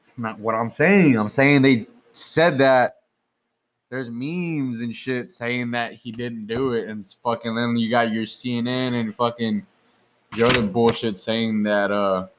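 A man's voice: mid-range voice, fairly even intonation, unhurried. A man co-hosting a casual podcast, blunt and swearing heavily, sometimes hesitant. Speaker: podcast co-host. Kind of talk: casual chat.

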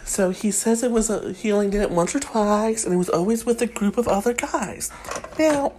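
A woman from Kentucky with a Kentucky Southern accent, hosting a crude, sassy comedic gossip monologue with drawn-out emphasis. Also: mid-range voice, a little mellow, a little hiss or hum. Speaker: celebrity gossip host.

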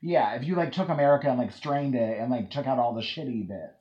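A woman hosting a podcast, chatting in an animated way, joking and swearing casually. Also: rumbling low, quick pace, muffled recording. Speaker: podcast host.

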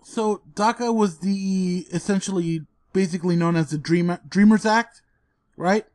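A man's voice: sits high, measured pace, a little mellow, no echo, studio quality. A man co-hosting a podcast in casual chat, laid-back and laughing often. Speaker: podcast co-host.

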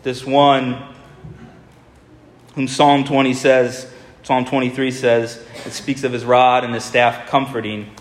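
A man preaching a sermon in a storytelling manner, speeding up and slowing right down for emphasis. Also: medium pitch, level tone. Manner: storytelling, shifting between fast and drawn-out. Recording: echoey hall with long reverb.

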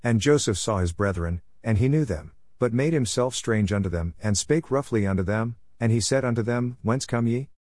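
A man with a lowish voice reads scripture in a steady, unhurried way. He gives the archaic verses an even, measured delivery. The recording is dry and close, with no room sound. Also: no echo. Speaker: scripture reader.

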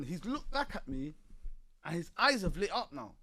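A man in his twenties tells his story with a high voice that leaps up and down. He talks in slang and laughs often. The sound is dry and close, with no room echo. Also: very animated, moderate pace, sharp tone. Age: 20s. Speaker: guest. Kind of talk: animated storytelling.

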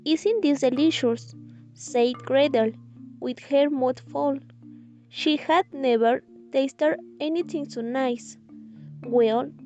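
A woman reading a fairy tale aloud slowly and carefully, with occasional slips. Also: high-pitched, dark tone, muffled recording. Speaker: story reader. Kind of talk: storybook reading.

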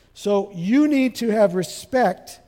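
Male pastor, high voice, lively sermon delivery that jumps between loud and quiet, long reverb of a big hall. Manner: animated, acts out dialogue, shifts from loud to soft.

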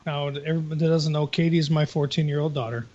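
Guy cohosting a podcast, swears a lot, kinda high voice, dull lo-fi audio. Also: level tone, fast talker, mellow. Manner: blunt, profane storytelling. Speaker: podcast co-host. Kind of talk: casual chat.

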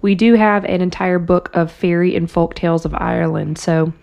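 A woman's voice: on the low side, steady tone, normal speed, creaky, darkish tone. A woman co-hosting a podcast in casual chat, chatty and good-humored as she leads the topic. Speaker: podcast co-host.

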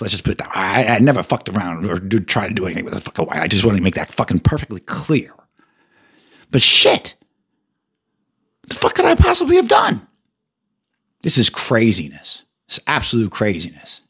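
Angry, husky-voiced man ranting. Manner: heated, profane, repeats himself and stumbles over words; swings from loud outbursts to low mutters. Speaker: podcast host. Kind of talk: angry personal rant.

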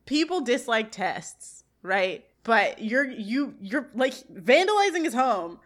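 A woman's voice: a little high, very animated, slow pace. A woman co-hosting a podcast, recapping an episode scene by scene and reacting emotionally with many restarts. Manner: emotional, gushing, trailing restarts. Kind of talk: casual chat and scene recap.

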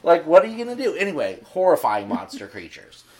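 A man co-hosting a casual podcast chat, telling stories in an animated way and acting out characters' lines. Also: a little high, fairly quick, noisy background. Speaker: podcast co-host.

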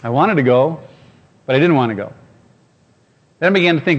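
A man's voice: a little high, expressive, a little fast, pauses often, dull audio. A man preaching to a congregation, telling a personal story with humor and speaking straight to his listeners. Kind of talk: storytelling sermon.

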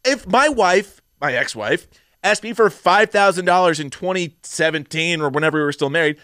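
Guy talking movies on a podcast, kinda high voice, dry close sound, opinionated, swears a lot. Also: animated, fairly quick, fairly bright tone, no echo. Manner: opinionated, swears freely, acts out characters. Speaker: podcast co-host. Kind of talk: casual movie review chat.

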